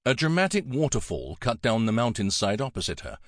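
Brief: male audiobook narrator, low and lively, dry close sound. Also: no room sound. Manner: expressive, measured. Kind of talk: scripted narration.

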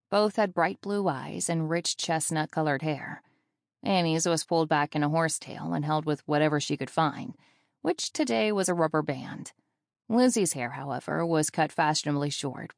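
A woman reading a novel aloud in steady, scripted audiobook narration. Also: low voice, dry recording, clean studio sound.

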